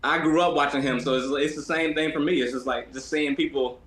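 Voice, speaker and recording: A man's voice: a little high, steady tone, brisk, a bit bright. A man who works in social media, speaking in a thoughtful, hesitant way during a casual chat. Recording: roomy echo.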